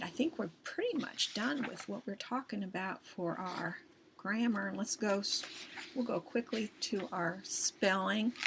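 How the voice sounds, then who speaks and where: A woman's voice: mid-range voice, gravelly, noisy background. A woman teaching a recorded lesson, patient and chatty, often repeating herself and restarting sentences as she explains.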